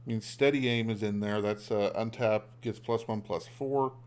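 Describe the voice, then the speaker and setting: A man giving casual commentary while playing a card game, thinking aloud with a hesitant, halting manner and frequent ums. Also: on the low side, steady tone, smooth. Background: background music.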